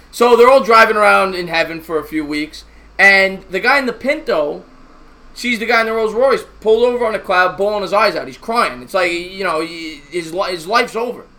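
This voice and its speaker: Bright high-voiced man. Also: animated, a little fast. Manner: rambling, repeats himself, tells jokes. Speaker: co-host of a sports talk stream. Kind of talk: casual chat on a live stream.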